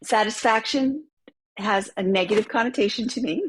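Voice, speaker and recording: A woman on an online group call, chatting and telling a personal story in a lively way, laughing often and acting out what others said. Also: fairly high pitch, normal speed, a little hiss or hum. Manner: chatty, laughs often, acts out quoted voices. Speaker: call member sharing. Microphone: computer mic on an online group call.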